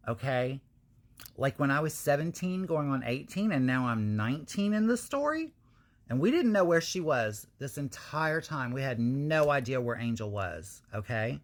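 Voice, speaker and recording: A woman hosting her own channel, telling a candid personal story to viewers in casual, animated talk with frequent swearing. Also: deep voice. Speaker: channel host.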